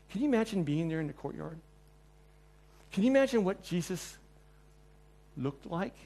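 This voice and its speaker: A man preaching a sermon in a church. He tells the story with energy, acts out the quotes, and moves between loud and quiet passages. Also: on the high side. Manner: animated storyteller, acting out quotes, swings between loud and soft.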